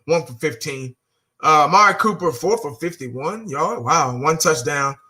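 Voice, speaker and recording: A man's voice: on the high side, expressive, unhurried, sharp tone. A man giving a casual, blunt fan rant, exasperated, repeating himself and cursing now and then. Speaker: fan vlogger.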